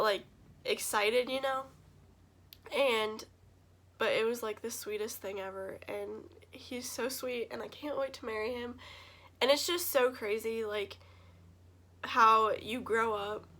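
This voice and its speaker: A woman's voice: a little high, pushed and bright. Emotional, gushing young woman vlogger. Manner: gushing, emotional, many fillers. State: tearful. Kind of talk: casual storytelling to camera.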